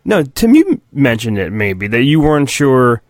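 A man hosting a podcast, relaxed and casual, laughing easily and swearing offhandedly. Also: mid-range voice, normal speed, no room sound, studio quality. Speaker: podcast host.

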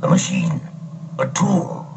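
A man voicing a cold, commanding Dalek battle computer from a TV drama, giving slow, emotionless orders over a hissy old TV clip. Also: lightly acted. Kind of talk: 1980s TV drama acting.

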